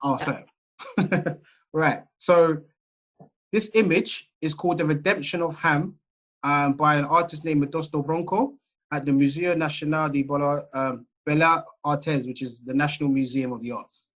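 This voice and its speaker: An English lecturer leads a seminar by video call, where the audio sounds dull and muffled. He talks at a moderate pace in a slightly husky, higher-pitched voice, keeping things casual and conversational and often pausing to check on his listeners.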